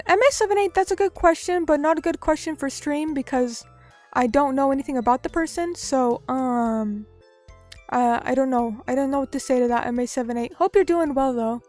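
A woman's voice: high-pitched, a little mellow. A young woman streamer chatting casually, reading out chat messages and joking about herself in a playful way. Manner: playful, reads chat aloud, self-mocking.

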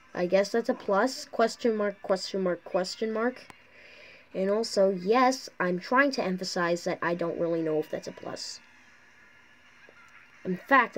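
A talkative woman giving rambling, chatty commentary while playing a mobile racing game, recorded on her phone's microphone. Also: fairly low pitch. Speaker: mobile gaming YouTuber. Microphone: phone mic through a screen recorder.

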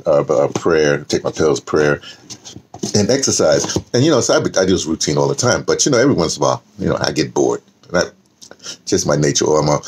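A man's voice: very deep voice, a little mellow, slight background noise. An older man, talking casually in a morning vlog, rambling with many fillers and restarts. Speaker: vlogger. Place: home, indoors.

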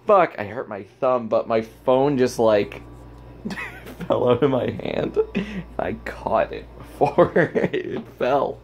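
Speaking slowly and with animation, this vlogger films himself on a handheld phone and goes off on a meandering rant. Now and then he leaps into shrill, loud impressions of what others said.

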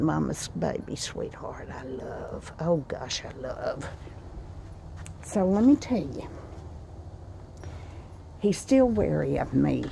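Lady chatting outside on her patio, real slow n soft-toned, kinda low voice. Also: noisy background. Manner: slow, homey Southern talk, says "y'all". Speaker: vlogger. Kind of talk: casual vlog chat. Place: outdoors by a cottage patio.

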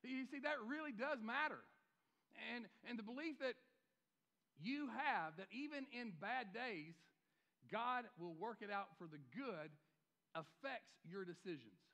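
A man preaching a sermon as pastor. He swings between loud exhortation and quiet, and often repeats or restarts words. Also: very high-pitched, lively intonation, measured pace. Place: church sanctuary.

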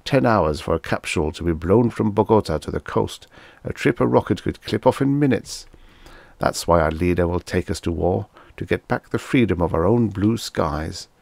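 Blustering male war zealot, read by a deep man, contemptuous and snappish, gravelly low voice. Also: lively intonation, moderate pace, a little mellow, dry recording, heavily acted. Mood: scornful.

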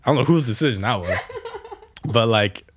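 A man's voice: fairly low pitch, animated, moderate pace, slight background noise. A young man co-hosting a podcast, telling rambling stories in casual chat with lots of fillers and laughter. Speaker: podcast co-host.

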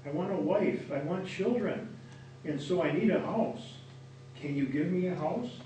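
A man's voice: on the high side, unhurried, mellow, slight background noise, voice pushed up, natural voice. A man reading the part of a boy who grows into a tired old man, always asking for more. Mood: wistful. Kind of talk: reading a children's story aloud. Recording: echoey room from far off.

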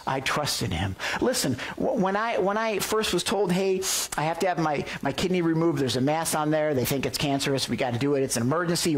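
A man preaching a sermon as pastor, excitable and emphatic, often rising to near-yelling. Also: a little high. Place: church, relayed to listeners by phone and online.

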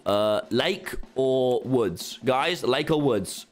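A British man streaming a game, chatting quickly, swearing and joking at his own expense. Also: medium pitch, faint music behind. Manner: quick, animated, swears often, self-mocking. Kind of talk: casual game stream chat.

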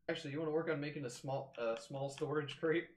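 A young man hosting a casual gaming session, playfully melodramatic, swinging into loud mock outrage and laughter. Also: a little high, echoey room, a little hiss or hum. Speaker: gaming channel host.

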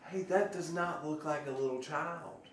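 Higher-voiced man bantering in character. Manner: bantering, quick to laugh. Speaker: player. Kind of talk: tabletop role-play in character. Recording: echoey room, mic far off, faint noise.

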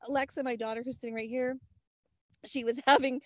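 Canadian woman, guest speaker, high voice, dry laptop sound, acts out every line of the story. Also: brisk, dry recording. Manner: animated, acts out quoted voices. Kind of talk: storytelling on a group call. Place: outdoors on a mountain. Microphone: laptop on a hotspot.

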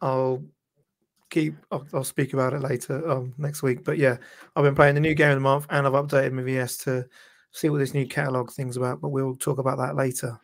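A man chatting as a podcast panelist in a relaxed, rambling way, laughing easily. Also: medium pitch, brisk, gravelly. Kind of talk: casual live-stream chat.

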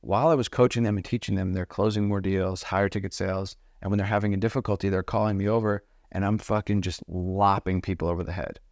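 Male podcast guest, low voice, brash and profane, animated storytelling, dry studio sound. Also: fast talker, few pauses, no room sound. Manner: energetic, profane, acts out the people in his stories. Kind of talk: casual storytelling interview.

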